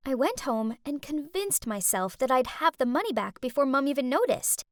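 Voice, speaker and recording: A young woman narrating an animated story in the first person, in an expressive, dramatic, teenage-sounding way. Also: sits high, normal speed, hardly any pauses, dry recording, clean studio sound.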